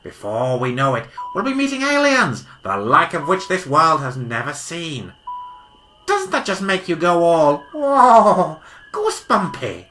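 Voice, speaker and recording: A woman acts out an excitable male weasel doctor who travels through time, in a homemade audio drama. His voice is bright and sharp and leaps wildly through its range as he declaims grandly and sulks when bored. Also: fairly low pitch, measured pace, slight background noise. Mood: excited. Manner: theatrical, bossy, easily bored. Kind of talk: hobby audio drama acting.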